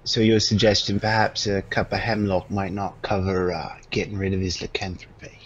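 A man's voice: low-pitched, level tone, moderate pace, lo-fi sound, slight background noise. A man playing a tabletop game over voice chat, wry and joking. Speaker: player.

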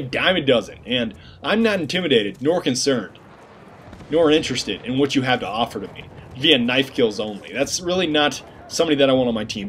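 A man's voice: a little high, slight background noise. A man giving casual gameplay commentary, joking and rambling in slang with mock-serious asides.

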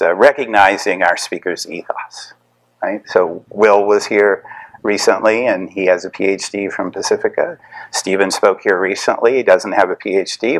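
A man giving a measured, explanatory classroom lecture, pausing on fillers and checking in with the class. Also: fairly low pitch, low-quality recording.

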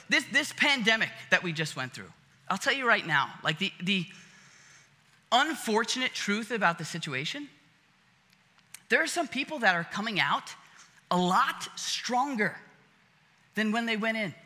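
A pastor, a man, delivers a conversational sermon, full of fillers and little acted-out scenes. His voice sits high and sounds strikingly bright. A long reverb trails behind him in the church auditorium. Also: sing-song, a little slow. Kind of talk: casual sermon.

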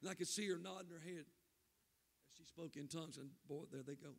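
An older man preaches in a church sanctuary, his voice sitting high with a gravelly rasp. His words ring out into a long hall reverb. He talks with fervent emotion and draws out his phrases. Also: fairly quick. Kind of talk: emotional revival sermon storytelling.

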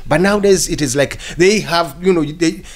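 A man, a filmmaker guest speaking in an interview. He speaks haltingly, with many "you know"s and restarts. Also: fairly high pitch. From Uganda. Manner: halting, full of "you know" and restarts, rising when animated. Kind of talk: reflective storytelling in an interview.

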